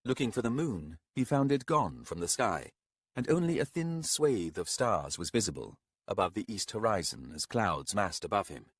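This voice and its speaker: A man giving a measured, expressive audiobook narration on a close studio mic. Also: on the low side, husky, no echo. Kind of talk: scripted narration.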